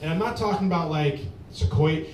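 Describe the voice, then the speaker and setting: A man's voice: a little fast, a little mellow. A man doing stand-up at an open mic, telling a long rambling story with lots of fillers. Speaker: stand-up comedian. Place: small bar at open mic. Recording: echoey bar from far off with faint rumble.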